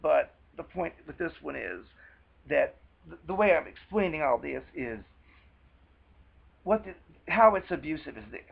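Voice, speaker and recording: A man's voice: on the high side, expressive, unhurried, vocal fry, long pauses, breathy edge, phone-quality sound. A man with a country twang giving a rambling, earnest advice talk for a video. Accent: American country twang. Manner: rambling, earnest, with many restarts. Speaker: vlogger. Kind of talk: casual advice monologue.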